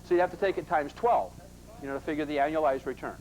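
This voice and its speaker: A man's voice: on the high side, fast talker, a little mellow, poor audio. A man teaching a live investment seminar in a classroom, emphatic and constantly asking the audience rhetorical questions.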